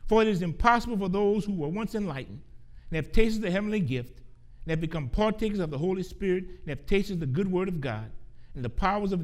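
A man preaching a sermon, earnest and emphatic, repeating key phrases and slowing down to stress quoted scripture. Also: high-pitched, a little mellow.

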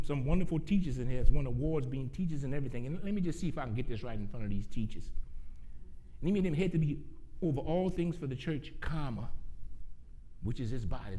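A man preaching a sermon. He swings from loud, slow, stretched-out emphasis to hushed low passages, with quick joking asides to the congregation.

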